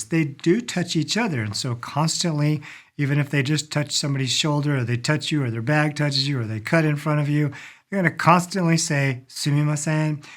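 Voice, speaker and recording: A man giving a casual video lesson on polite phrases, chatty, explaining slowly and repeating words for practice. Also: fairly high pitch, a bit bright. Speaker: language teacher.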